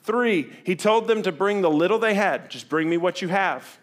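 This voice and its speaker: Animated male pastor preaching. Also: high-pitched, normal speed. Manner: animated, acts out reluctant voices. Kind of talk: sermon.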